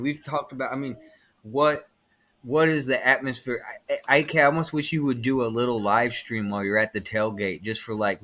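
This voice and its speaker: Excitable male host, sports chat, quick to laugh. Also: mid-range voice. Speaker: podcast host. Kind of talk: casual sports talk.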